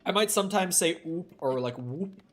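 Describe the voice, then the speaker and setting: A man's high, animated voice, fairly bright and at a moderate pace, carries casual game-stream commentary. He's from Minnesota with a light accent, swears freely and reads chat aloud to answer it.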